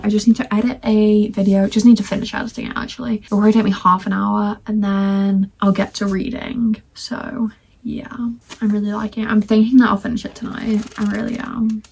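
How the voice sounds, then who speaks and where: A woman's voice: mid-range voice, little pitch movement, fairly quick, gravelly, darkish tone, a little hiss or hum. A nineteen-year-old woman chatting casually in a reading vlog, rambling with lots of fillers, recorded on a phone. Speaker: book vlogger. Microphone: phone camera.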